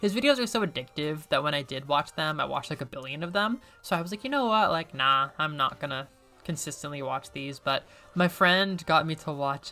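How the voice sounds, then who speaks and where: A woman's voice: deep voice, fairly bright tone. A young woman chatting casually while playing a video game, rambling and swearing freely. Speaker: gaming streamer.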